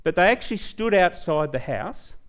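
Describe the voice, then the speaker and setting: A middle-aged man, preaching a sermon in a church and telling personal stories with growing excitement. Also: high voice, normal speed. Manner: storytelling, animated, rising excitement. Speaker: pastor.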